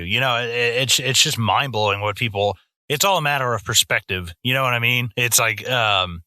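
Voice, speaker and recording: A man's voice: medium pitch, normal speed, hardly any pauses, pushed and bright, no room sound, studio quality. A man in his twenties co-hosting a film podcast, chatting casually and ranting with lots of swearing, often dropping into mock voices. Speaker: podcast co-host. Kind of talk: casual film-review chat.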